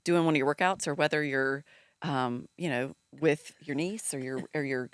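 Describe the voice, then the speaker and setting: Low-voiced woman with a Southern accent. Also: moderate pace, smooth, dry recording. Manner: chatty, warm, laughs easily, many fillers. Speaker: guest. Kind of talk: casual chat.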